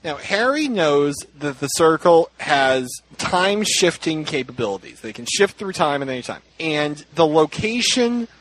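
A man's voice: on the high side, sing-song, a little slow, hardly any pauses, a bit bright, poor audio. A man hosting a casual chat, rambling, laughing and acting out quoted lines. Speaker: podcast host.

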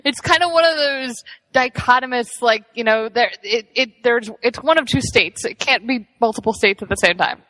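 Chatty bright-voiced woman, reverberant. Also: a little high, moderate pace. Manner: chatty, laughs often, restarts sentences. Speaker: podcast co-host. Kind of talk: casual chat.

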